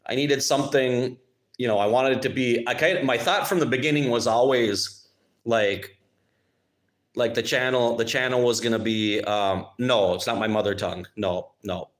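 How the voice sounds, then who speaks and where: A man from Minnesota, hosting his channel in a rambling, sarcastic live-stream chat. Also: medium pitch. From Minnesota, United States. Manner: rambling, halting, with many restarts and sarcastic asides. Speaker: YouTube channel host.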